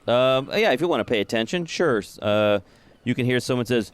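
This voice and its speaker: Brief: male game master, smooth resonant voice, halting narration, mid pitch. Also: animated. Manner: halting, many filler sounds.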